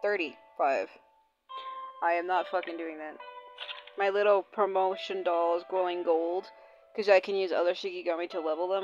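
A woman's voice: lowish voice, fairly even intonation, moderate pace, darkish tone. A young woman host chatting casually and with lots of swearing while commenting on her gameplay. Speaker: gaming channel host. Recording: dull lo-fi audio, faint game music.

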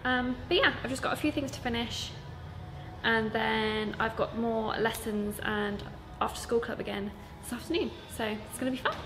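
A sewing school owner and teacher, a young woman, talks casually to camera about her week with music playing behind her. She speaks at a moderate pace in a fairly high, fairly even voice, chatting freely and using many fillers.

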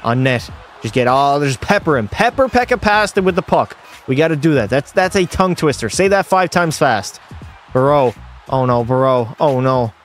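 A young man, commentating his own video game hockey match, excitable and yelling at bad plays. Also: mid-range voice, moderate pace, soft background music. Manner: excitable, yells in frustration at plays. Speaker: gaming YouTuber.

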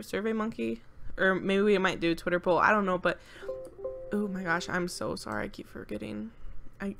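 A woman's voice: mid-range voice, fairly bright tone. A young woman co-hosting a game channel, talking through a casual voice-over into a desk mic at home. She rambles with lots of filler, brags playfully, and sounds a bit stuffy-nosed and short of breath. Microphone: desk microphone at home.

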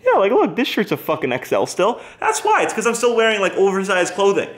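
A man's voice: sits high, brisk, echoey room. A young man from Canada vlogging casually with friends, joking and swearing as he talks. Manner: animated, joking, swears often. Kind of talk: casual vlog chat.

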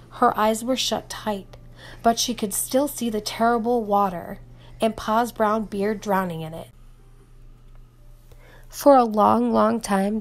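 A woman reading a children's storybook aloud, gentle and expressive, dropping to a whisper at tense moments. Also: on the high side. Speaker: storybook reader. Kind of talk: children's read-aloud narration.

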